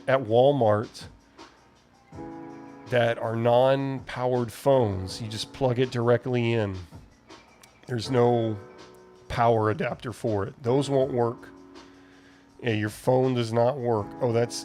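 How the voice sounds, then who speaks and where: A man's voice: medium pitch, darkish tone. A man hosting a live stream, chatting casually and reading viewer messages aloud as he answers them. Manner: rambling, reads viewer chat aloud and answers it. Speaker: livestream host. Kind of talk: casual live chat while using a computer.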